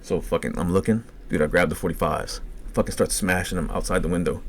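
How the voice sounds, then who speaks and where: A very deep-voiced Cajun man racing through a profane, meandering personal story. His words tumble out fast in casual podcast chatter. A faint hum of room ambience sits underneath. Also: fairly even intonation. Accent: Cajun English. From Louisiana. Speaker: podcast co-host.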